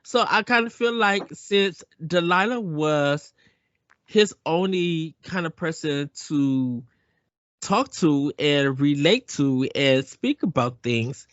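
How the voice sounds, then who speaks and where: A man leads a relaxed podcast conversation, restarting his sentences as he gathers his thoughts. His voice sits a bit high for a man. The recording is dry and dull, with little room sound. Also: dry recording. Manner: halting, repeats words when starting thoughts. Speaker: podcast host. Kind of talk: casual podcast discussion.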